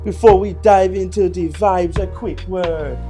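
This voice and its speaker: A man's voice: extremely high pitch, lively intonation, slow pace, mellow, soft background music, pitched above the performer's own voice, heavily acted. Man putting on a sing-song Jamaican-styled party voice. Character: put-on Jamaican-accented party man, upbeat and preachy. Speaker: host.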